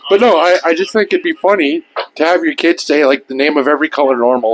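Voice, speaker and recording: A man's voice: fairly high pitch, fairly even intonation, fast, a little hiss or hum, low-quality recording. A man co-hosting a casual podcast, crude and joking, often laughing at his own jokes. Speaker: podcast co-host. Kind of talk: casual banter.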